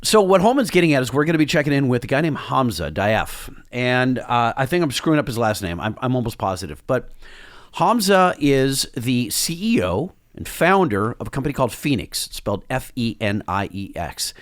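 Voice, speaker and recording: A man's voice: medium pitch, very animated, brisk, no echo. A man hosting a podcast in a conference room, bantering playfully with a dry, sarcastic streak. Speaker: podcast host. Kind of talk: casual podcast chat.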